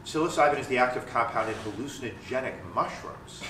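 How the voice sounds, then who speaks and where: A man performing a stand-up storytelling monologue on stage, animated and self-mocking, often repeating phrases. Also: medium pitch, a little fast, slight background noise. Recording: roomy stage sound, mic at a distance.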